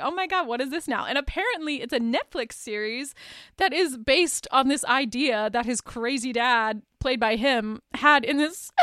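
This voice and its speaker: A woman's voice: high-pitched, a bit bright, smooth, no echo, clean studio sound. A woman hosting a podcast, recapping a movie in a casual, chatty way, full of fillers and small laughs. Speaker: podcast host.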